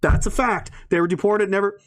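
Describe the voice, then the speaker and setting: A man's voice: high voice, brisk. A man in a ranting monologue to an audience, swearing often, rambling and breaking into laughs mid-sentence.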